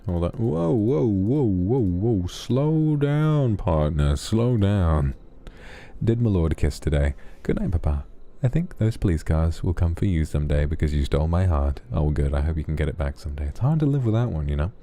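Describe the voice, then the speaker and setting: A man streamer reading out viewer donation messages in a sleepy ASMR style, soft, affectionate and relaxed, close to the microphone. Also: rumbling low, fast.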